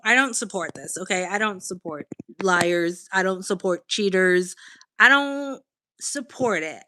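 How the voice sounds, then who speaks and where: A woman from Boston, United States, runs a laid-back livestream in a medium-pitched voice with a sharp edge. She's candid, reading viewer comments aloud and responding to them.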